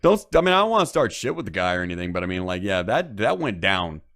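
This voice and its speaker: A man's voice: sits low, big pitch swings, fast, a bit bright. Profane mocking man hosting a late-night show. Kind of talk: casual on-air rant.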